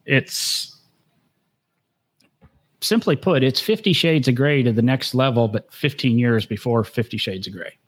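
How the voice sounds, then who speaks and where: A man on a casual podcast talks in a meandering way, stopping and restarting his sentences. His voice sits in a middle range, neither high nor low. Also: breathy edge. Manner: rambling, halting with fillers and restarts. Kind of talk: casual chat.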